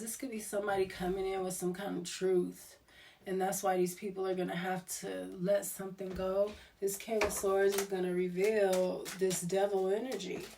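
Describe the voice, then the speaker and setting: A woman's voice: medium pitch, creaky, background noise. A woman giving a casual tarot reading, talking in a rambling, digressive way. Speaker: tarot reader. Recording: voice distant from the mic.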